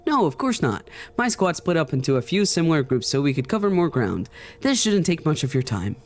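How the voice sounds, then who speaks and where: A man voicing a brisk, reassuring male government agent in a video game. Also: a little high, big pitch swings. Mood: official.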